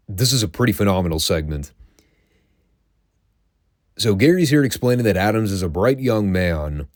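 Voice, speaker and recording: A man's voice: low voice, a little mellow, dry recording, studio quality. A man hosting a show, giving a casual, wry recap of old wrestling episodes and swearing now and then. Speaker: podcast host reviewing classic wrestling.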